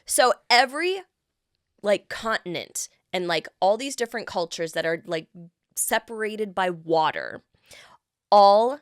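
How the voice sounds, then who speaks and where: A woman co-hosting a comedy podcast, chatting casually, excitable and swearing freely in quick rants. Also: medium pitch, smooth, dry recording, studio quality. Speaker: podcast co-host.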